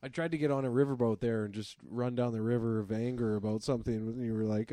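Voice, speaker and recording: A man's voice: mid-range voice, steady tone, dark tone, no echo. Rambling laughing man on a podcast. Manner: rambling, swearing, quick to laugh. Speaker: podcast co-host. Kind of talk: casual comedic chat.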